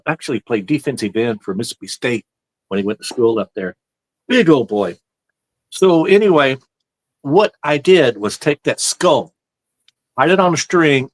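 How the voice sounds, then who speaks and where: A medium-pitched man, recorded dry, is a show guest telling a long prank story in a casual, rambling chat. He's animated and keeps looping back with "so anyway" between beats.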